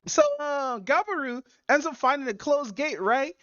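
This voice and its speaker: High-voiced woman casually swearing through a recap. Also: lively intonation, slow pace, a bit bright, dry recording, highs cut off. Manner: rambling, profane storytelling. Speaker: podcast host. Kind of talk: casual chat.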